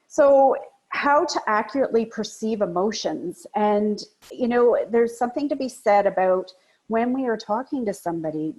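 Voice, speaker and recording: Woman, breathy voice, high energy, emphatic, conversational presentation. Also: darkish tone, rough recording. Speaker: business coach presenting a training webinar.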